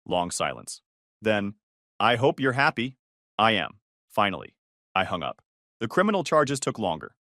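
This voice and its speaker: A man's voice: lowish voice, very animated, normal speed, long pauses, bright, forceful tone, no echo, clean studio sound. A man narrating a first-person revenge story in short, clipped sentences. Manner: clipped, terse delivery.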